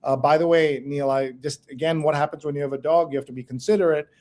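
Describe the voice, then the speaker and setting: A man's voice: fairly high pitch, steady tone, fast, a little mellow. A middle-aged man hosting a casual news discussion, chatty and storytelling, often laughing. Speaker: host.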